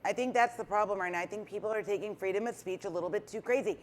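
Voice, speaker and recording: A woman's voice: mid-range voice, racing, a little hiss or hum. A woman co-host on a morning talk show, blunt and opinionated. She talks casually, tripping over a word now and then as she makes her point. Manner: opinionated, frank, stumbles over words.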